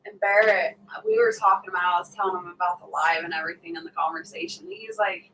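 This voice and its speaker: A woman's voice: fairly low pitch, fast, fairly bright tone. Give me a laughing, chatty woman hosting a livestream, recorded a little far from the mic. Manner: chatty and laughing, acts out quoted talk. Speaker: livestream host. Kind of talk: casual livestream chat with viewers. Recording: voice a bit distant from the mic, faint background noise.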